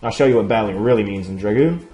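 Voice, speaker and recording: A man's voice: on the low side, fast, dark tone, soft background music, close to an everyday voice. A man reading aloud the lines of a cocky young female gym leader in a video game, brash and taunting. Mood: boastful.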